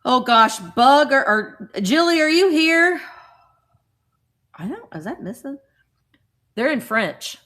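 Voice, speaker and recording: A middle-aged woman hosting a casual live stream, chatting with viewers and getting excited over small cute items. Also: a little high, measured pace. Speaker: vintage reseller hosting a livestream.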